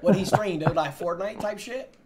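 A man streaming a video game, talking excitably with loud, profane outbursts and yelling. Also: sits high, moderate pace, music in the background. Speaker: gaming streamer. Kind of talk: excitable gameplay commentary.

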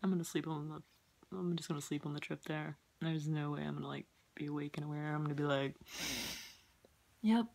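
Giggly young woman with a gravelly, husky voice. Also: sits low, fairly quick, darkish tone. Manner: rambling, giggly, swearing, drifting into whispers. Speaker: vlogger. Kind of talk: casual late-night vlog.

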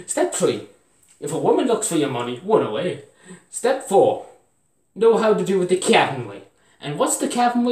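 Brief: young Irish man, lively up-and-down delivery, meandering comic yarn, roomy echoey room. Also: on the high side. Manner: meandering, full of fillers like "sure, Jesus", chuckles at his own jokes. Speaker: storyteller. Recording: roomy echo, mic far off.

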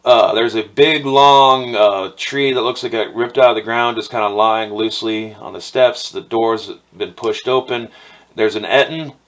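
A young man narrating as game master of a tabletop game in a relaxed, rambling way with many fillers. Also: on the low side, normal speed.

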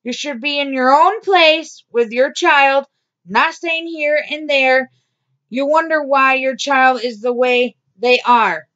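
A woman's voice: high voice, takes it slowly, a bit bright, lo-fi sound. A woman vlogger talking straight to camera in a blunt, repetitive diary-style video. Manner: blunt, swearing, repeats herself. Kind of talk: angry diary vlog rant.

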